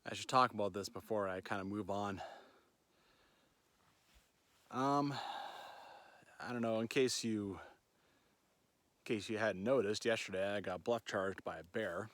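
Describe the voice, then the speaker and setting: A man with a slightly low voice talks into his phone outdoors on a backcountry trail. His vlog is loose and rambling, and he keeps checking in with "right?" as he walks. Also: a little slow, pauses often, fairly bright tone, dry recording. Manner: chatty and rambling, often asks "right?". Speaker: solo backpacker filming his trip. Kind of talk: casual vlog narration while hiking. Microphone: handheld phone.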